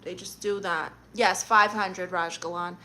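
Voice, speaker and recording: A woman's voice: lowish voice, fairly even intonation, measured pace, bright, forceful tone. A woman with a Brooklyn accent streaming live, reading viewer comments aloud and answering them with blunt, sassy comebacks. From Brooklyn, New York.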